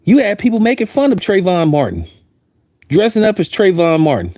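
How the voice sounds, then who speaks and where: A man delivers heated, blunt commentary in a slightly high voice, circling back to hammer his points. The sound is dry and close, with no room around it. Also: huge pitch swings, fairly quick, darkish tone, no echo. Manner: heated, blunt, repeats himself for emphasis. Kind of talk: opinionated commentary.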